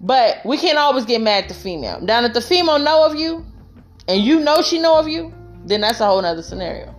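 A woman's voice: fairly high pitch, very animated, fast, faint music behind. A woman vlogging relationship advice in a casual, heartfelt monologue, telling her story emphatically and speaking straight to other women.

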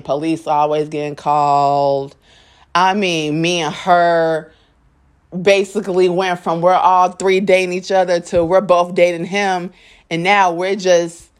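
A young adult woman telling a personal story to her viewers in a blunt, profane, candid way, often acting out what people said. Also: fairly low pitch. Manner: dramatic storyteller, acts out quotes. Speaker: vlogger.

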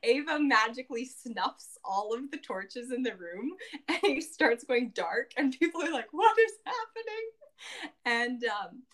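A woman casually recapping a tabletop game session, chatty and quick to laugh, acting out quotes in a lifted voice. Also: animated, fairly bright tone. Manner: chatty, laughs often, acts out quotes in a higher voice.

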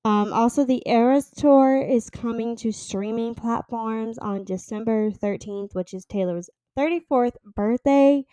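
A woman's voice: fairly high pitch, a little slow, few pauses, mellow, clean tone, dry recording, lo-fi sound. A woman in her twenties hosting her own podcast, chatting casually and rambling with lots of fillers. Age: 20s. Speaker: podcast host. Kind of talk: casual solo podcast chat.

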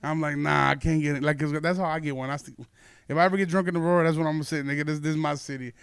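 Young male podcast host, slightly high and smooth voice, dry close sound; loose, profane storyteller. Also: fairly even intonation, very fast, dry recording. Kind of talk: casual storytelling chat.

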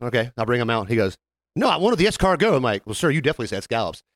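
The mid-range voice of a male podcast co-host races through casual storytelling, captured with no room sound. He's animated, playing out customer quotes and swearing freely.

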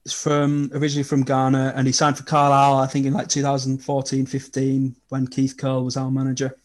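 A young man, chatting casually and telling animated football stories as a podcast guest. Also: mid-range voice, fairly quick. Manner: animated storytelling with laughs. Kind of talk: casual chat.

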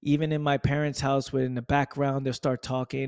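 A man's voice: medium pitch, level tone, a little fast, gravelly, darkish tone, clear, resonant tone, no echo, clean studio sound. A young man hosting a motivational podcast, talking emphatically, repeating himself and swearing freely. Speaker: podcast host.

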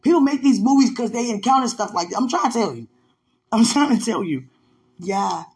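A woman chatting on a faith podcast call. She swings between hushed murmurs and loud, laughing outbursts, and keeps telling herself to calm down. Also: on the high side, a little fast. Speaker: podcast co-host. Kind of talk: casual faith chat on a call.

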